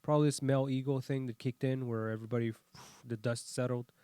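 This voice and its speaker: A man in his thirties, a podcast guest, telling stories in a profane, animated way in casual chat. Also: medium pitch, fast, clear, resonant tone, dry recording.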